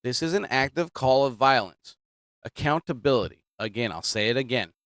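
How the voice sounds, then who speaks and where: A man gives casual political commentary in an emphatic way. He keeps circling back to the same points and wanders into asides. His voice sits at an ordinary pitch and sounds dry and close, with no room echo. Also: lively intonation, normal speed, a bit bright. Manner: repetitive, emphatic, digressing.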